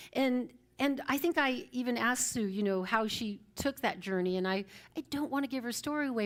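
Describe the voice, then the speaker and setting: Woman minister, higher voice, conversational sermon, many restarts. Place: church service.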